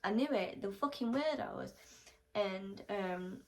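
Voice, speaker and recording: A young British woman telling a storytime vlog in a blunt, animated way, swearing a lot and clearing her throat now and then. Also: mid-range voice, slow. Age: young adult. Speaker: storytime vlogger. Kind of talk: casual storytelling.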